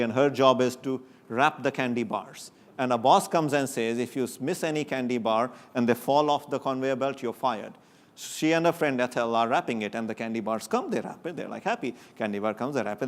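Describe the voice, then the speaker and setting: A man presenting at a tech conference, his delivery lively and wry. He keeps punching key phrases upward for emphasis, and his voice sits at an ordinary middle pitch. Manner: lively, joking, with sudden emphatic rises. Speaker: conference speaker. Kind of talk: technical conference talk. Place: conference stage before an audience.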